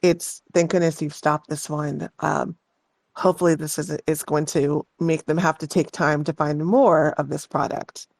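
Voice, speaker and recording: A woman voicing a knowledgeable, concerned male shopkeeper who explains in a measured way. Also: sits low, fairly even intonation, vocal fry, darkish tone, no room sound, exaggerated voice. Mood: relieved.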